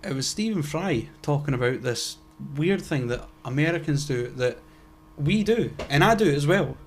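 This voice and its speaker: A man's voice: a little high, expressive, moderate pace, slight background noise. Rambling young man. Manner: rambling, swears freely, many restarts. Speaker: podcast co-host. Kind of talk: casual chat.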